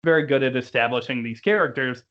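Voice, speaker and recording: Fast-talking and mid-range, a young man breaks down a musical in casual chat. He laughs often and quotes lines in put-on voices, and the recording has a dull lo-fi quality.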